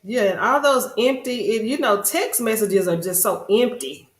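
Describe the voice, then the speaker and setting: A woman's voice: on the high side, animated, moderate pace. A woman hosting a podcast, chatting casually and earnestly in long, rambling stretches. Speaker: podcast host. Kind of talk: casual chat. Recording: roomy echo.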